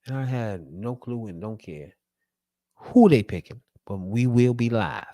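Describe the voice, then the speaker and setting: A man delivering a loud, profane, emphatic sports fan rant. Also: medium pitch, measured pace, dry recording, clean studio sound.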